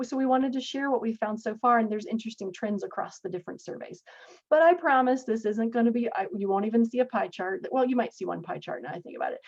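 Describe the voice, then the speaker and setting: A woman's voice: fairly high pitch, a little mellow. Chatty Southern woman hosting a webinar. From Virginia. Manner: chatty, upbeat, conversational. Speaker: webinar host. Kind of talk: webinar presentation. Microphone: video call. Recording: dull lo-fi video call audio.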